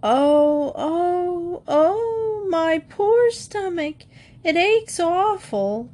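A woman's voice: big pitch swings, slow, darkish tone, exaggerated voice. A woman voicing a whiny young boy who groans and wails, pretending to be sick. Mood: groaning. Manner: groaning, high and wailing. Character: boy faking a stomach ache, whiny.

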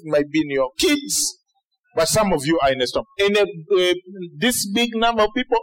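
A man preaching to a big congregation, his high voice swooping widely as he builds to shouted peaks. He acts out quotes and questions in a lively, dramatic way. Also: rough recording. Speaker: pastor. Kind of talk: sermon.

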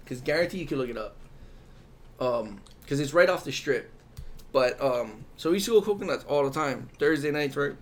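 A man's voice: mid-range voice, expressive, moderate pace. Profane young man from Hawaii telling stories. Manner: profane, rambling storyteller acting out quotes. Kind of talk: casual chat.

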